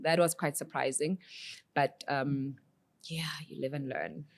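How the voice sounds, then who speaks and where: A woman's voice: sits low, fairly even intonation, unhurried, vocal fry. A middle-aged woman, a guest chatting earnestly about her work as an intimacy coordinator. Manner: earnest, then playful and laughing easily. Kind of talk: casual chat.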